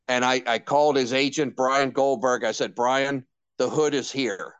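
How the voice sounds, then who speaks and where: A man's voice: medium pitch, normal speed, clean tone, no room sound, lo-fi sound. An older man and veteran radio personality, telling candid stories in an interview, with many restarts and acted-out quotes. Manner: animated anecdotes with many restarts and quoted dialogue.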